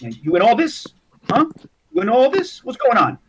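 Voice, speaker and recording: A man's voice: extremely high pitch, huge pitch swings, normal speed, a little hiss or hum, voice pushed up, heavily acted. A man voicing jumpy, foul-mouthed male halfling gang members in a tabletop game. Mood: nervous. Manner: profane, twitchy, tough-talking.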